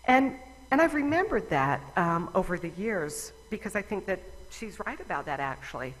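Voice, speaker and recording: A woman's voice: mid-range voice, big pitch swings, moderate pace. A woman giving a conversational, wry personal talk to a conference audience. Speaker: conference speaker. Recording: long reverb of a large hall.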